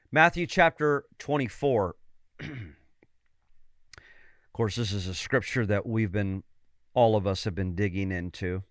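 A male preacher delivering a fervent sermon, rising to loud, emphatic calls and asking listeners for amens. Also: on the low side, clear, resonant tone, no echo, clean studio sound.

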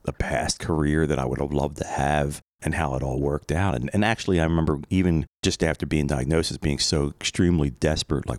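Deep-voiced reflective man. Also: fairly quick, hardly any pauses, no room sound, studio quality. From Philadelphia area, USA. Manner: conversational, reflective, rambling asides. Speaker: podcast host. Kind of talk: personal storytelling monologue.

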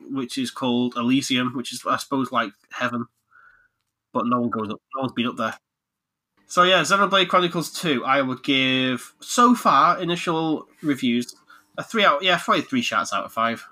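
A man who hosts a podcast, talking casually and joking a lot as he reviews video games. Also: medium pitch. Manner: animated, jokey, laughs a lot. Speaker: podcast host, game reviewer. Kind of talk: casual chat.

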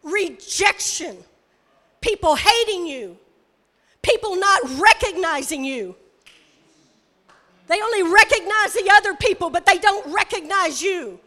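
A woman preacher delivering a sermon, emphatic and repetitive, rising to shouts. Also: very high-pitched, lively intonation, unhurried. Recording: reverberant hall.

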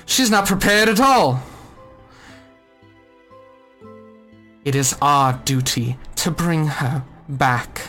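A man's voice: on the high side, animated, unhurried, sharp tone, soft background music. A man voicing a stern, white-haired elven zealot who speaks in a solemn, archaic, commanding way. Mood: rousing.

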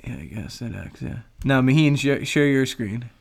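A man's voice: medium pitch, lively intonation, normal speed, creaky. A young man co-hosting a casual podcast, loose and laughing often, with casual swearing. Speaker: co-host.

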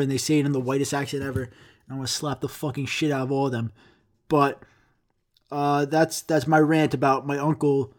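A man's voice: fairly high pitch, darkish tone. A man hosting a podcast, ranting in a rambling, profane and self-mocking way. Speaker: podcast host. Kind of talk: casual podcast rant.

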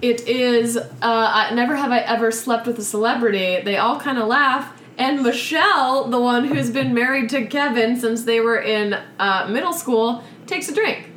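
A woman co-hosting a casual movie podcast, relaxed and agreeable, filling in scene details. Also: fairly high pitch, normal speed, few pauses. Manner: relaxed, agreeable, lots of "yeah". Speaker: podcast co-host. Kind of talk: casual movie recap chat. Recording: echoey room with faint noise.

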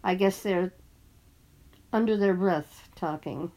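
A woman in casual chat, an unhurried, agreeable listener. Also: lowish voice, mellow.

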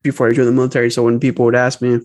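A man's voice: mid-range voice, completely flat delivery, racing, a little mellow. A man from the Chicago area co-hosting a podcast, rambling in casual banter. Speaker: podcast co-host.

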